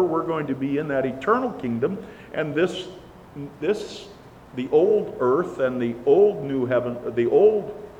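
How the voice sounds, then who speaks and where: A man's voice: fairly high pitch, lo-fi sound. A man preaching a sermon in an earnest, emphatic way, pushing up hard on the words he stresses. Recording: long reverb, faint background hiss.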